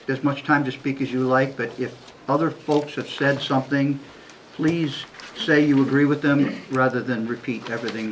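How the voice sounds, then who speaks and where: Man running a town board hearing, mid-pitched, polite and procedural. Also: slight background noise, poor audio. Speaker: meeting chair. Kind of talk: chairing a public hearing.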